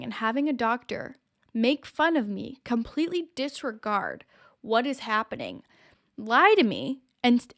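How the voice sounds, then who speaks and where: Impassioned woman with a bright, higher voice. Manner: impassioned and emphatic. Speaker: show host. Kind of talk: opinion commentary to camera.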